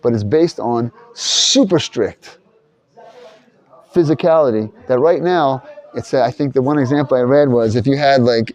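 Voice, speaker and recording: A man with a mellow, darker tone teaches a relaxed class discussion in a study hall. His pitch sits in an ordinary middle range. He rambles and restarts his sentences as he thinks aloud.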